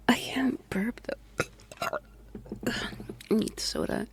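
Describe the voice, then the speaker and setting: A woman's voice: on the high side, breathy edge. A young adult woman streamer in casual, crude, joking chat, often half-whispering.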